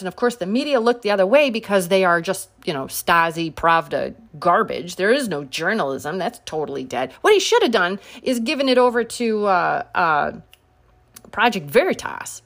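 A woman's voice: medium pitch, lively intonation, normal speed, fairly bright tone. A woman giving casual political commentary, sarcastic and combative, pushing her voice up sharply on her biggest points.

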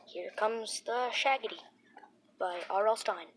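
A woman reading a children's horror book aloud, with dramatic, expressive storytelling and the occasional restart. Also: medium pitch, slow, slight background noise, poor audio. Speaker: narrator.

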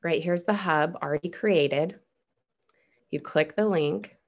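A woman's voice: fairly low pitch, takes it slowly. A woman presenting a social media training on a video call, upbeat and chatty, often saying "you guys". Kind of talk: casual motivational training.

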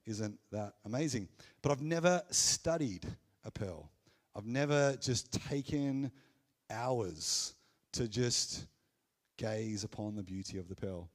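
An Australian pastor preaches at a Sunday church gathering in a conversational, animated style, dropping playful asides. His voice is fairly low and he speaks slowly.

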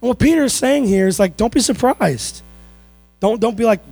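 Male pastor, 30s, high voice, animated sermon delivery that plays out quoted voices, faint music and hum underneath. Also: fairly quick, slightly rough, low-quality recording. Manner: animated, acts out quoted people.

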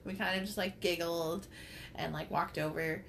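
A woman co-hosting a podcast, telling a story in an animated way, laughing often and swearing casually. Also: on the low side, normal speed, gravelly, a little hiss or hum. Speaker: podcast co-host.

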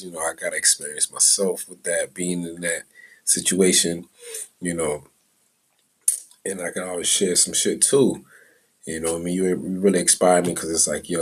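A middle-aged man with a very low, husky voice talks off the cuff as a podcast host. His street-style chat is loose and profane, sliding from muttered asides into heated rants. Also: rough recording. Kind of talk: casual rambling monologue.

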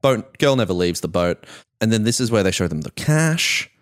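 Male podcast co-host, lowish voice, animated and joking while he recaps a show. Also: moderate pace. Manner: animated, joking, acts out quotes. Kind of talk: casual chat recapping a TV show.

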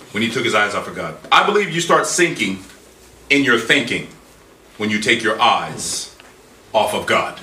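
A man preaching a sermon in an animated way, acting out scripture in dramatic voices. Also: medium pitch, a little hiss or hum. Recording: echoey room from far off with faint ambience.

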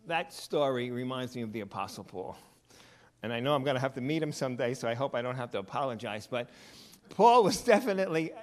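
A male pastor giving a sermon, opening in prayer and telling stories in a conversational way. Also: a little high. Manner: conversational storytelling preacher.

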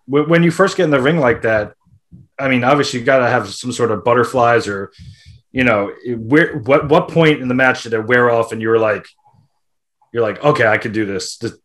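A man's voice: medium pitch, moderate pace, a bit bright. A man co-hosting a casual interview podcast. He keeps the chat moving with eager short reactions and loose, rambling questions. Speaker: podcast co-host.

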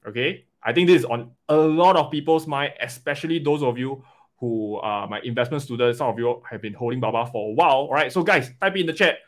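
A man coaching an investing webinar live, animated and often checking in with "right?" and "okay?". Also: medium pitch, fairly quick.

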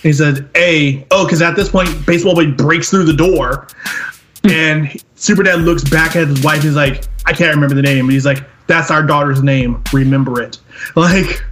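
Young man, podcast co-host, animated retelling, slightly high voice, faint music behind. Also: normal speed. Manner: animated retelling, acts out quotes, laughs often. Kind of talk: casual film review chat.

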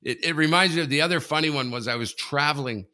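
Fast-talking and fairly high-voiced, this Canadian podcast co-host spins anecdotes on a laid-back chat show, animated and laughing throughout his stories.

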